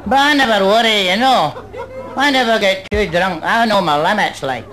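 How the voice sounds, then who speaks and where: A Scottish man whose voice sits high performs live stand-up on a nightclub stage, telling rambling anecdotes at a moderate pace and dropping in "you know." It's an old live club recording with poor audio, loud crowd noise, and audience laughter.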